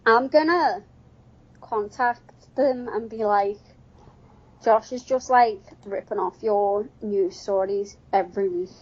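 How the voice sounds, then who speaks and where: In dull lo-fi podcast audio, a woman co-host with a slow, mid-range voice trades dry, sardonic retorts during casual chat.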